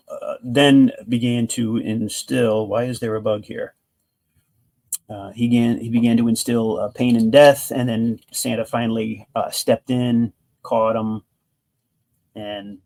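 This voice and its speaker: A man's voice: mid-range voice, darkish tone. A man casually reviewing a comic book, retelling the story with enthusiasm in a rambling way that is full of restarts.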